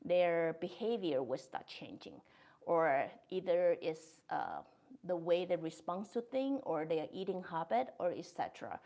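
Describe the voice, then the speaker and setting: Woman podcast host musing gently, kinda low voice, non-native english grammar. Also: animated, unhurried. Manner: gentle, thoughtful, with soft laughs. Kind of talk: reflective monologue.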